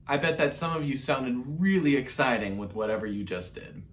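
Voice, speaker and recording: A man's voice: mid-range voice, lively intonation, moderate pace, echoey room, a little hiss or hum. A man teaching an online music lesson to young children in an upbeat, encouraging way, speaking directly to his class.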